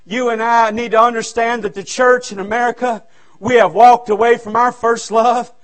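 A male revival preacher, his voice pitched very high for a man. He preaches in a fervent, folksy way and breaks into shouts, from a church sanctuary. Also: fairly even intonation, normal speed. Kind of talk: revival sermon.

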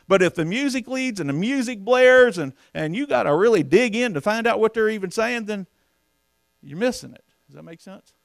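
A man's voice: on the high side, gravelly, dry recording. A man preaching from the pulpit, folksy and emphatic, often asking the congregation questions. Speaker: pastor. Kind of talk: sermon.

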